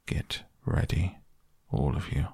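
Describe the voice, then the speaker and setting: A man doing a stern, hushed Badger. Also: takes it slowly, creaky, husky, dry recording, clean studio sound, full character voice. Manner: low, hushed commands. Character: stern old male badger, leader.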